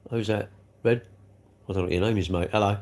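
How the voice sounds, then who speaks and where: A man's voice: fairly low pitch, fairly even intonation, brisk, a little mellow. A man hosting a casual livestream, chatty and rambling, often chuckling as he talks. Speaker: livestream host. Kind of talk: casual live chat eating cake.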